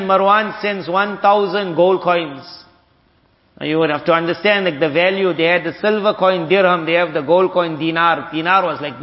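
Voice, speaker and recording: A man giving a hadith lesson, retelling stories casually and acting out the dialogue. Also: sits high. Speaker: Islamic teacher. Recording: dull, lo-fi audio with long hall reverb.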